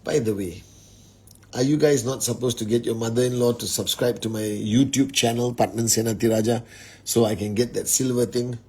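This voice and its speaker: A man's voice: medium pitch, steady tone, normal speed, mellow, breathy edge. A middle-aged man hosting a casual livestream from home at night, greeting viewers by name in many languages. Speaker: live stream host.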